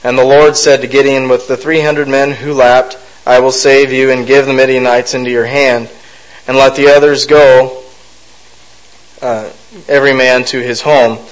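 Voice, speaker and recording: A man's voice: mid-range voice, level tone, moderate pace, rough recording. Man reading scripture with musing asides. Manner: reads aloud with frequent fillers and self-corrections. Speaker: Bible study teacher.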